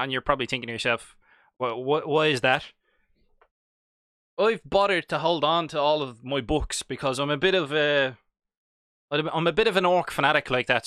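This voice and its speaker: A man's voice: on the high side, fairly bright tone, clear, resonant tone, no room sound, clean studio sound. A young man with a Dublin accent, chatting casually and jokily while hosting a live hobby stream. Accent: Irish, Dublin. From Ireland. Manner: chatty, jokey, reads chat aloud.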